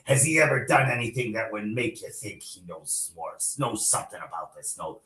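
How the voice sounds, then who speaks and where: A man's voice: fairly low pitch, expressive, normal speed, sharp tone, voice pushed up. A man voicing a suspicious male investigator who presses with questions, read aloud to a class. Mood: probing. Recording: echoey room.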